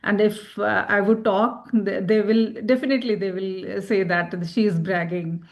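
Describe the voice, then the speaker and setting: A woman's voice: medium pitch, steady tone, moderate pace, dull audio. A woman hosting a casual interview, encouraging her guest and laughing easily. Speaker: interview host.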